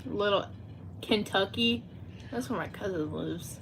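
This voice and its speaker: A woman's voice: mid-range voice, a little slow, creaky, fairly bright tone, a little hiss or hum. A teenage girl with a Southern US accent, chatting and giggling to her livestream chat. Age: teens. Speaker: livestream host.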